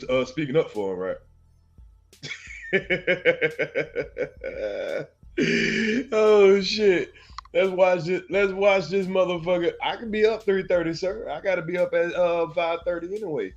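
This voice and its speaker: Man, stream host, mocking commentary, slightly high voice, dull lo-fi sound, faint music behind. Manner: taunting, laughs between jabs, addresses viewers as sir. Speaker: host of a reaction channel.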